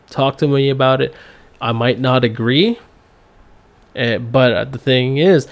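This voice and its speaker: Slow gravelly man rambling on a podcast. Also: mid-range voice. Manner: rambling, frequent fillers and swearing. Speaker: podcast host. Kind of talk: casual solo podcast monologue.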